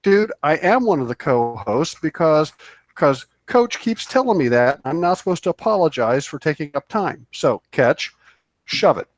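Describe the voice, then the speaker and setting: A man's voice: fairly high pitch, sing-song, moderate pace, no echo. Chatty man telling a rambling story. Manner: rambling with many fillers and restarts. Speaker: co-host. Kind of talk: casual storytelling on a radio show. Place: radio studio.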